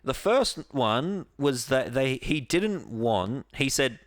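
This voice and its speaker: A man's voice: mid-range voice, very animated, takes it slowly, few pauses, no echo, clean studio sound. A man co-hosting a casual podcast, blunt and sweary, explaining things at length. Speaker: podcast co-host. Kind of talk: casual chat.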